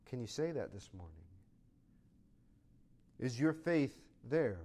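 A male pastor preaching a sermon, swinging from loud, emphatic lines to soft, conversational asides in short repeated phrases. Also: mid-range voice, very animated, slow pace, long pauses.

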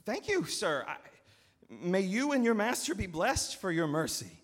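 A man's voice: sits high, huge pitch swings, measured pace, voice pushed up, exaggerated voice. A man voicing a humble, flustered farmer who stammers, heard in a long church reverb. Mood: grateful.

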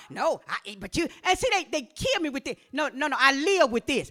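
High bright-voiced woman preaching fervently. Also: big pitch swings, moderate pace, hardly any pauses. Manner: impassioned, rising to shouts then dropping low.

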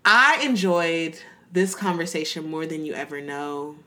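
Unhurried lower-voiced woman host, affirming her guest. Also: lively intonation, pushed and bright. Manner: affirming, drawn-out interjections. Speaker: podcast host. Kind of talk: casual chat.

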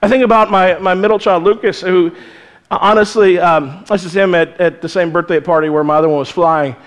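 A man with a notably high, light voice delivers a sermon in church. He preaches in an earnest, conversational way, moving between scripture and personal asides. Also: fairly even intonation, a little fast. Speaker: pastor.

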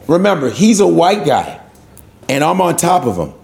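Profane, animated stand-up comedian man. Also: a little high, normal speed, vocal fry. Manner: profane, acts out voices in his anecdotes. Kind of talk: animated storytelling in an interview.

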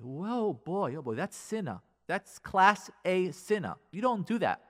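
High-pitched and very animated, this radio Torah teacher keeps a moderate pace with hardly any pauses. He cites Hebrew and Aramaic texts, asks rhetorical questions, and alternates forceful emphasis with soft asides.

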